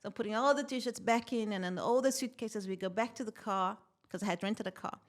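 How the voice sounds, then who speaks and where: Lively woman telling a story. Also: mid-range voice, fairly quick. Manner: animated, laughs often while telling stories. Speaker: podcast guest, tech founder. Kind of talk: casual interview storytelling.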